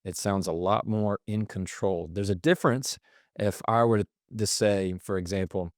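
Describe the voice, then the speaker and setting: A man answering as a podcast guest, explaining in a measured way and acting out different tones of voice as examples. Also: on the low side, a little mellow, no room sound, clean studio sound. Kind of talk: interview answers.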